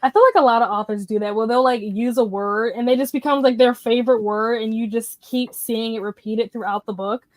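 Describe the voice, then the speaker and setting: A woman's voice: a little high, fairly even intonation, a little fast, hardly any pauses, dry recording. A woman in her thirties hosting a casual livestream, greeting viewers by name as she chats about books. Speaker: livestream host.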